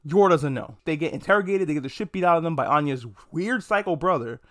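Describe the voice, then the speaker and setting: A man with a slightly high voice talks alone on a casual review podcast. He is frank and joking, and he swears freely. His speech is easygoing and off the cuff. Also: animated, fast, fairly bright tone. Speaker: podcast host. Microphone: podcast mic.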